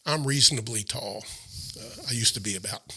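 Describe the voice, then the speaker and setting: A man telling his life story in a sit-down interview, earnest and halting, often repeating and restarting his words. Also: lowish voice, creaky, sharp tone, breathy edge. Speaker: interview guest. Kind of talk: personal storytelling in a sit-down chat.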